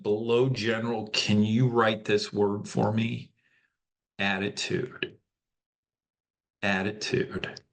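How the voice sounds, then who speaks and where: A man's voice: fairly low pitch, a bit bright. A man facilitating an online leadership training over a video call, talking conversationally and checking in with the group often. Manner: conversational, checks in with frequent "okay?". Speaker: workshop facilitator.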